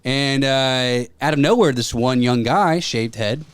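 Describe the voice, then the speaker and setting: This podcast co-host speaks a little slowly in a smooth, medium-pitched voice. He's telling a story in casual conversation, giving each quoted person their own voice.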